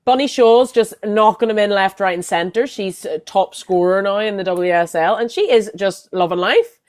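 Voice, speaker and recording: Woman co-host, chatty and matter-of-fact, mid-pitched casual delivery. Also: moderate pace, a little mellow. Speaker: podcast co-host. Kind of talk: casual chat.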